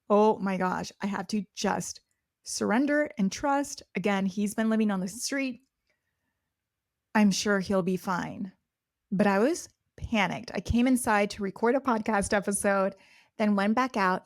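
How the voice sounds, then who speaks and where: A young adult woman hosting a podcast, telling a personal story at home in a casual, animated way with many fillers. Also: mid-range voice, dry recording, clean studio sound. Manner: animated, chatty, lots of "like" fillers. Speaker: podcast host.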